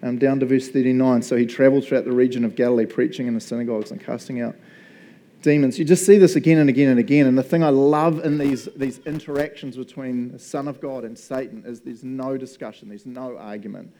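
Mellow-voiced man preaching casually. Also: mid-range voice, fairly even intonation, quick pace. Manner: chatty, laughs often, asks "right?" a lot. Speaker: pastor. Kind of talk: casual conversational sermon.

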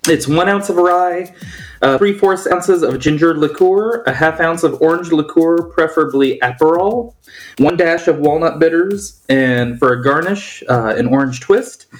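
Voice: mid-range voice, unhurried. A co-host of a casual podcast reading a cocktail recipe in a plain, matter-of-fact way. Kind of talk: casual chat.

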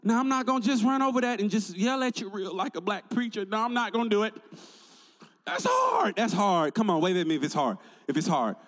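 A male pastor preaching a sermon with energetic call-and-response to his congregation in a large church sanctuary. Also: sits high, fast talker, hardly any pauses. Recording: long reverb in a large church hall.

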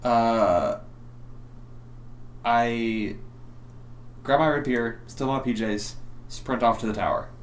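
A man's voice: medium pitch, takes it slowly, pauses often. A man playing a tabletop game, casual and joking. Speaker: player. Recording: echoey room with faint ambience.

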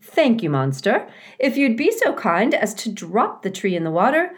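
A woman putting on a brisk, bossy mother beaver. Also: big pitch swings. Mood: firm. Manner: high, firm and no-nonsense.

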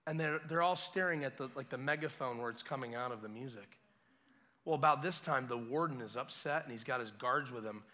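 A man preaching a revival sermon as guest preacher, retelling a scene in an animated way with casual asides. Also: fairly high pitch. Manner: animated storytelling, acting out scenes; conversational asides.

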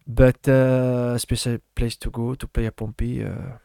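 A middle-aged man with a French accent talks in a gravelly, creaky voice at a middling pitch. His English is halting and full of fillers. The sound is close and dry, with no room around it. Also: flat delivery, warm tone, dry recording. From France. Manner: halting non-native English with many fillers. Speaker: former footballer guest. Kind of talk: casual interview.

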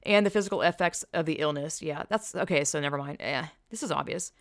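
On a dry, studio-quality recording, a young woman hosts a podcast, speaking low-pitched and fast into a headset mic. She rambles casually, candid and swearing, following one tangent after another.

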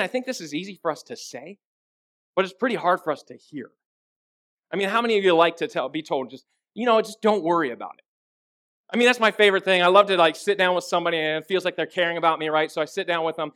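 A man's voice: sits high, fast, fairly bright tone. A man preaching a sermon in a conversational way, often asking his listeners rhetorical questions. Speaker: pastor.

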